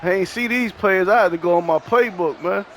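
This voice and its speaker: A man's voice: sits high, a little fast. A man trash-talking his opponent during a video game, boastful and taunting, repeating his jabs over and over. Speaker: gamer playing online.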